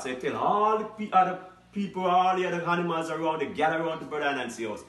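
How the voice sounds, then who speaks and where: A man hosting his show, telling a folktale in a lively, animated way. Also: a little high, fast talker. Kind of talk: holiday folktale storytelling. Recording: roomy echo, mic at a distance.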